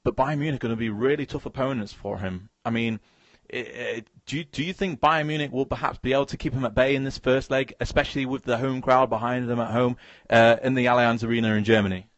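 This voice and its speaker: A man's voice: medium pitch, steady tone, no echo, highs cut off. A man hosting a casual football chat, stumbling over words and putting questions to his co-host. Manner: halting, restarts words, asks questions. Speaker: podcast host.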